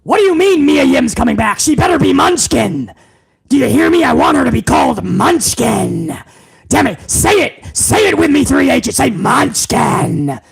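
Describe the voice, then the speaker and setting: A man's voice: very high voice, big pitch swings, normal speed, creaky, husky, full character voice. A man putting on an impression of a blustering older male wrestling boss who barks orders and calls people doofus. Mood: ranting. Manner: shouting, barking orders, insulting.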